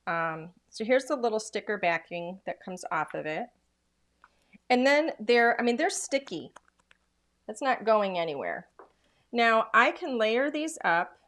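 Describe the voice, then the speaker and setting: A woman's voice: fairly high pitch, very animated, a little slow, fairly bright tone. A woman demonstrating craft products in a casual, chatty way, full of enthusiasm and filler words.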